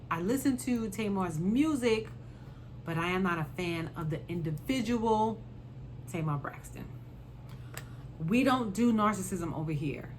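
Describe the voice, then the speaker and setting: A woman's voice: fairly low pitch, fairly bright tone, slight background noise. A woman hosting a casual commentary vlog, chatty, with frequent fillers and restarts. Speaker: host.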